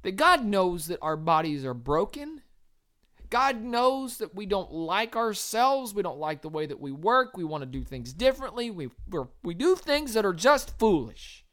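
Woman, preacher, earnest encouraging sermon, lively swooping pitch, loud cheering to soft appeals. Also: moderate pace.

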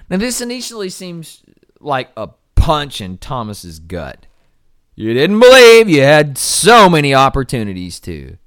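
A young man delivering a sermon, pressing hard on key words and then dropping low and quiet, stretching important words out slowly for weight. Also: sing-song, no room sound, clean studio sound. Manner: swings from loud emphatic peaks to low quiet passages. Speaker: preacher.

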